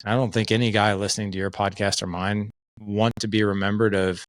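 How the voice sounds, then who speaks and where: A middle-aged man, a podcast guest, telling stories in an earnest, animated way with plenty of filler words. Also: lowish voice, fairly quick, few pauses, no room sound. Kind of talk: casual conversation.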